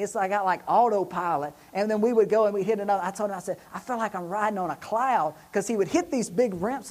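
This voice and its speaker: A man telling a story in an excitable, animated way during a casual chat. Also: high-pitched, a little fast, few pauses. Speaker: church staff member and show regular.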